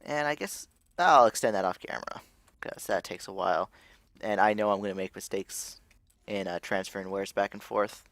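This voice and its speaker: A man's voice: lowish voice, normal speed, a bit bright, dry recording. A young man giving casual, rambling let's-play commentary as a gaming video host, thinking aloud and restarting his sentences.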